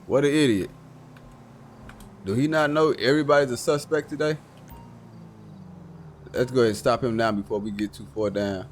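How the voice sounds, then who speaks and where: A man casually commenting on a live game stream, talking to himself with swearing and sudden loud outbursts. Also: medium pitch, steady tone, brisk, long pauses, a little hiss or hum.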